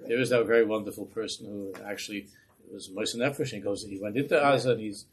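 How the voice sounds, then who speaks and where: A man's voice: on the low side, steady tone, fast, slight background noise. A man, a rabbi, teaching a Torah class in a passionate, rhetorical way. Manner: impassioned, rhetorical.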